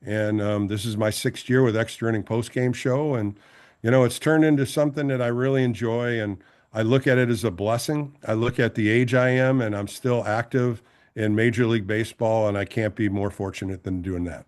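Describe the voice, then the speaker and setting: Speaking a little fast at medium pitch, a former ballplayer in his sixties who now works in broadcasting tells tales during a casual guest interview. He's an animated raconteur, acting out the voices of the people in his stories.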